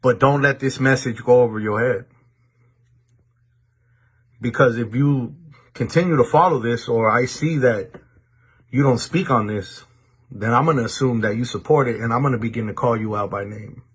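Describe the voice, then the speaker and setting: A man from the Los Angeles area speaking straight to his viewers in a monologue, with a deliberate warning tone and frequent repeated words as he restarts sentences. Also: medium pitch, slightly rough. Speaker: commentator addressing viewers. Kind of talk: direct-to-camera monologue.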